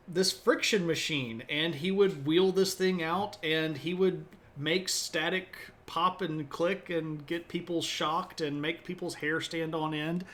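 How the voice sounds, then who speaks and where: A man with a voice pitched a little above the usual lectures on history for a live stream audience. He keeps it loose and chatty, full of "uh"s and asides, joking along and greeting chat viewers as he goes. The tone is a casual lesson, not a formal one. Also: fairly bright tone. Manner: loose and rambling with many fillers.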